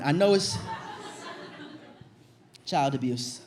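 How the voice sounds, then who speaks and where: A young man from Virginia performing stand-up comedy on stage, telling an animated story with loud acted-out outbursts. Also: high-pitched, moderate pace, pauses often. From Virginia, USA. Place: comedy stage before an audience.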